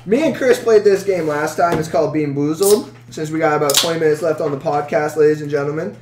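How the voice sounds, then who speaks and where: Excitable swearing man in an echoey room. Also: fairly high pitch, fast talker, distant mic. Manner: loud, swearing, excitable rants. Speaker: podcast co-host. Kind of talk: casual profane ranting chat. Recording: echoey room, off-mic, faint noise.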